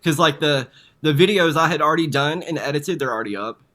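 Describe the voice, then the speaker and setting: A man's voice: on the high side, quick pace, bright, forceful tone. A man chatting as an easygoing guest on a live stream, giving short replies. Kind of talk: casual chat.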